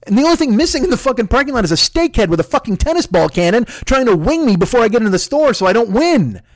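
A man from the United States, middle-aged, pitched well above most men. He rants in a heated, sarcastic monologue thick with profanity. The sound is dry, with no room in it. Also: sing-song, fast, no echo. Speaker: podcast host. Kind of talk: ranting monologue.

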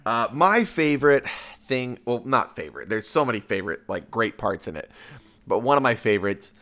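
A man's voice: mid-range voice, sing-song, fairly quick, pushed and bright. A man co-hosting a podcast in casual chat, laughing often and swearing freely. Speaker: podcast co-host.

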